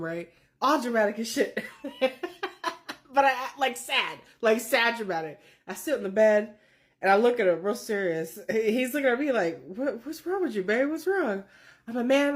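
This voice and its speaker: Animated, profane woman telling a story. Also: mid-range voice. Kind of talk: casual storytime monologue.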